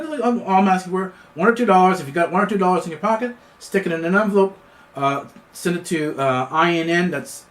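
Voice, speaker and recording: A man hosting his own news commentary show, talking off the cuff with many fillers and restarts. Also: fairly high pitch. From Canada. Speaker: host of an independent news commentary channel. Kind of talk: unscripted political commentary monologue.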